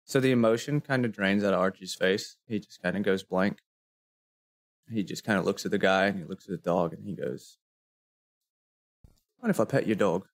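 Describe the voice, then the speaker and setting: A man's voice: low-pitched, brisk. A man playing a tabletop game, describing his character and going off on eager asides. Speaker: player. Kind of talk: casual tabletop game chat.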